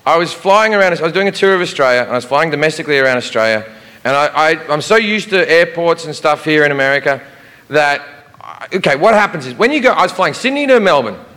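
A male stand-up comedian telling a profane travel story, fast and brash with stammered restarts. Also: on the high side, expressive, bright, forceful tone. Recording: live stand-up in a reverberant hall.

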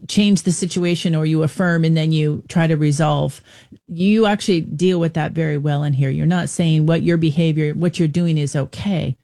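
Affirming woman host, low voice. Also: dark tone. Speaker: podcast host. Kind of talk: conversational interview.

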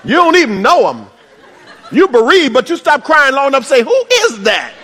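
A man preaching a sermon, swinging between shouts and hushed asides and adding humorous remarks. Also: very high voice, very animated, brisk, a little hiss or hum. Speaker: pastor. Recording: reverberant hall.

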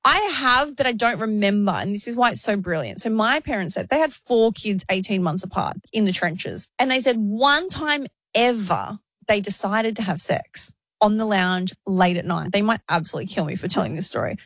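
Animated Australian woman telling stories. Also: mid-range voice, moderate pace, no echo. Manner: animated storyteller, laughs often. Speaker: podcast host. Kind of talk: casual chat.

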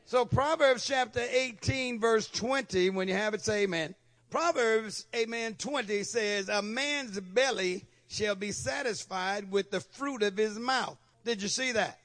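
A man's voice: high-pitched, a little slow, a bit bright. A middle-aged male pastor preaching a sermon in church, with repeated call-and-response questions to the congregation.

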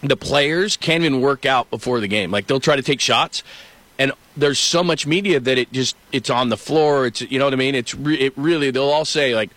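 A middle-aged man hosting a sports talk show, in casual chat. He tells stories in an animated way. His voice is dry and close to the mic. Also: mid-range voice, normal speed, dry recording. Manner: storytelling, animated.

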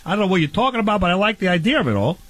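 A man hosting a comic bit, rambling and playfully clueless with drawn-out asides. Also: high-pitched, very animated, fairly bright tone, no echo. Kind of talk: comic improvised banter.

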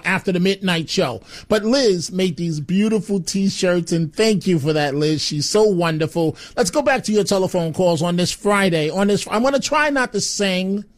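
A man hosting a talk radio call-in show, emphatic and repetitive, turning sarcastic at times. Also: high-pitched. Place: radio studio.

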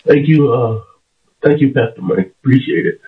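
A sick man calling in to a radio show, stuffy-nosed and losing his voice, speaking haltingly with pauses. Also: medium pitch. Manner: halting, many pauses and fillers. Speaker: regular caller. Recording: distant tinny phone line.

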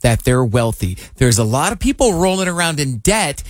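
A man's voice: on the high side, moderate pace, no echo, studio quality. A man hosting a radio show, chatting casually and teasing his co-host. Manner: lively, teasing. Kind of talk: casual on-air banter.

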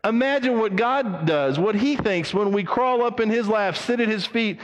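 A man preaches with an animated delivery and acts out the people he quotes. His voice sits a little high for a man. It rings with the long reverb of a church hall. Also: normal speed, hardly any pauses, lo-fi sound. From United States. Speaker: pastor. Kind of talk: sermon.

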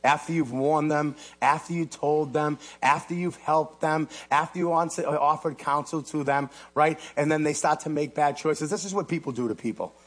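Husky high-voiced preacher, shouting then hushed. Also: male voice, normal speed, few pauses. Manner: swings from loud shouted exhortation to low hushed asides. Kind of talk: sermon. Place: church platform.

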